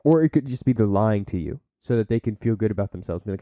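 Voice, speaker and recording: A man's voice: on the low side, expressive, quick pace, mellow, dry recording. A man hosting a solo podcast, reading from sources and breaking off into blunt asides and silly put-on voices. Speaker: podcast host.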